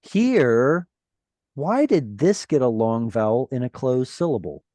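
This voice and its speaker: A man teaching a Hebrew grammar class over a video call, animated and encouraging, with playful asides. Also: medium pitch, moderate pace, dry recording.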